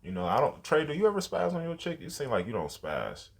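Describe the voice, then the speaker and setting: A man's voice: mid-range voice, huge pitch swings, fast, creaky, breathy edge. A man, hosting a podcast and telling a story in casual, slangy, profane talk. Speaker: podcast host.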